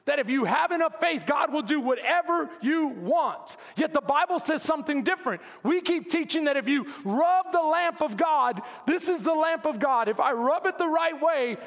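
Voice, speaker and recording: A male pastor preaching a sermon, dramatic, swinging from hushed asides to shouted lines. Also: extremely high pitch, lively intonation, moderate pace, gravelly, few pauses, in a large hall.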